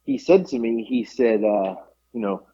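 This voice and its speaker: A man co-hosting a podcast, telling a story in animated casual chat and laughing often. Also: medium pitch, unhurried, husky, dull audio. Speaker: podcast co-host.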